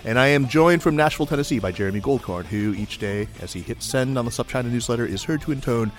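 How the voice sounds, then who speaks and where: A man's voice: medium pitch, fast, soft background music. A man hosting a podcast, giving an upbeat, emphatic introduction and chatting with his guests. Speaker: podcast host.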